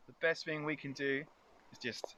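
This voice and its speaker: A man's voice: a little high, fairly even intonation, normal speed, noisy background. A man chatting casually and cheerfully while cooking outdoors for a foraging vlog. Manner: chatty, upbeat, muses aloud. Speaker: foraging vlogger. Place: outdoors in nature.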